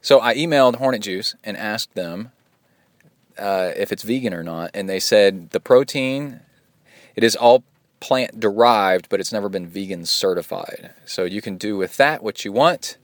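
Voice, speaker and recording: A man's voice: lowish voice, normal speed, dry recording. A man hosting a podcast in a casual, joking, offhand way as he reads listener emails and answers them. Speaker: podcast host.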